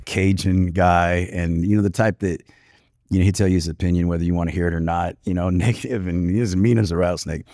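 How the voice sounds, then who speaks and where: Man, fifties, deep low voice, earnest reflective storytelling, lots of "you know", dry close sound. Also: fairly even intonation, fast, dark tone, no room sound. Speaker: podcast guest, retired police commander. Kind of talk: personal storytelling in conversation.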